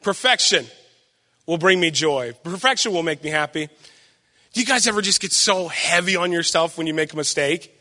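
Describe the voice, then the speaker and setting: A young man giving a sermon with personal stories, loud and animated, self-deprecating and acting out what people say. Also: a little high, moderate pace, in a large hall. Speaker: preacher.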